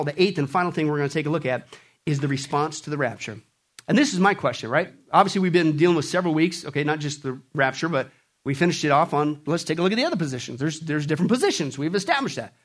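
A man preaching a sermon, animated and playful, acting out jokes and mocking voices and calling on the congregation to answer back. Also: a little high. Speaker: pastor.

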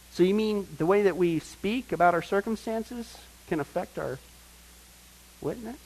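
A man preaching a sermon to a group, animated, often asking his listeners questions and acting out the people he quotes. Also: high voice, moderate pace, rough recording. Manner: animated, acts out quoted voices, asks the audience questions. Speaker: pastor teaching a Bible study.

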